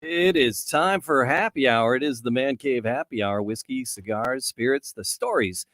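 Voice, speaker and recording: A man's voice: mid-range voice, normal speed, a bit bright, no echo. A man hosting a podcast from a studio, talking in an enthusiastic, rambling way with many restarts. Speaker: podcast host. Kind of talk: casual chat.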